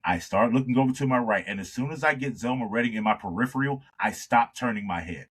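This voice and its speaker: A man, a singer telling an animated story in a conversation and acting out the dialogue. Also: mid-range voice, quick pace, slightly rough, low-quality recording. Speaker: singer, interview guest.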